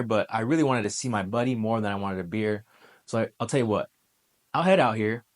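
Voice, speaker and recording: A man in his twenties, a former Marine, telling a personal story in a relaxed, conversational way, full of military slang. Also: lowish voice, quick pace. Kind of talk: casual storytelling monologue.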